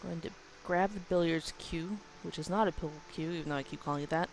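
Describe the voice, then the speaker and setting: A woman's voice: lowish voice, brisk, a little hiss or hum. A woman giving joking, chatty let's play commentary over a game. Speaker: game streamer.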